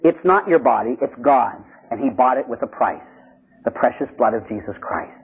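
A male Catholic priest from Pittsburgh giving a blunt, animated preaching talk with joking asides. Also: medium pitch, moderate pace, gravelly, breathy edge. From Pittsburgh, USA. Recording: dull lo-fi recording.

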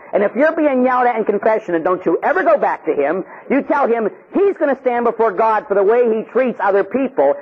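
A male Catholic priest from Pittsburgh giving a blunt, animated preaching talk with joking asides. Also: high-pitched, slightly rough. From Pittsburgh, USA. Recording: dull lo-fi recording.

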